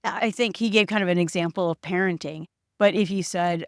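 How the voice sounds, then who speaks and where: A woman's voice: fairly low pitch, fairly quick, no echo, studio quality. A woman hosting a solo podcast, talking through her own thoughts in a reflective way and acting out the voice in her head. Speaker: podcast host. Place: home setup recorded on video.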